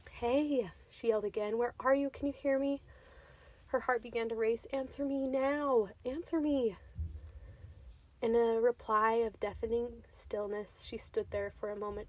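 A woman reading a short story aloud in an expressive, unhurried way. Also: mid-range voice.

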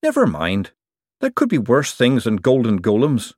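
A man reading an audiobook, voicing a brisk, outspoken young woman with a quick, wry delivery. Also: rumbling low, huge pitch swings, a little mellow, dry recording, studio quality, heavily acted.

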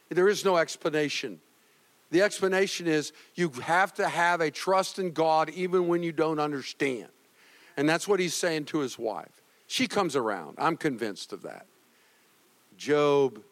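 A male pastor preaching a sermon, moving between loud exhortation and quiet, heavy passages. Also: a little high, long reverb tail. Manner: swings from loud exhortation to hushed grief.

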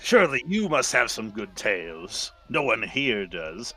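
Swaggering hard-drinking wandering warrior, played by a man, mocking, boastful, lively bright voice rising and falling in a tabletop game. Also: lowish voice, unhurried, slightly rough, full character voice.

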